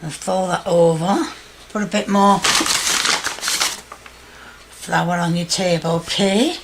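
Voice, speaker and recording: A woman walks through a recipe in a home kitchen, talking slowly and chattily as she works. Her instructions come out unhurried and homely. The clip is noisy, with clatter under her voice. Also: on the low side, fairly even intonation. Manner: slow, chatty step-by-step instructions. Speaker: home cook. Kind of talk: home cooking demonstration.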